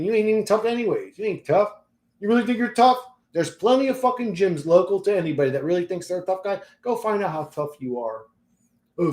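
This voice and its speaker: A man's voice: high-pitched, a little mellow, roomy sound. A man hosting his own channel, ranting bluntly and profanely in a casual vlog, laughing often between points. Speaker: channel host.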